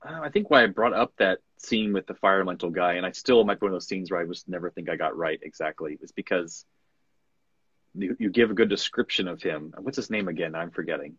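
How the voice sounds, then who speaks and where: A man's voice: low voice, quick pace, a bit bright, breathy edge, no echo. A man who narrates audiobooks, speaking candidly and reflectively in a conversational interview, recorded with dull, muffled lo-fi sound.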